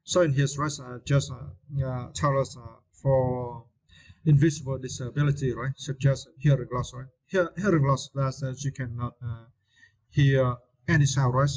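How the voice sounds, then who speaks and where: Man, English vocabulary lesson, hesitant, many fillers and tag questions, repeats words slowly to show stress, mid pitch. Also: steady tone, darkish tone, low-quality recording.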